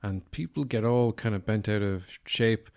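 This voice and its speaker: Irish male podcast host, lowish voice, casual rambling delivery, filler-heavy, dry self-mocking humor. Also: moderate pace, darkish tone. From Ireland. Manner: rambling and digressive, many "uh" fillers; wry, self-deprecating humor. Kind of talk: casual solo podcast talk.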